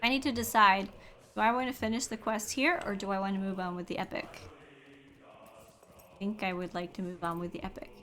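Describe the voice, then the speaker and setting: A woman's voice: medium pitch, fairly even intonation, brisk, long pauses, bright, forceful tone, a little hiss or hum. A woman giving casual, upbeat commentary while streaming a game and chatting with viewers. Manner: chatty, upbeat, talks to chat.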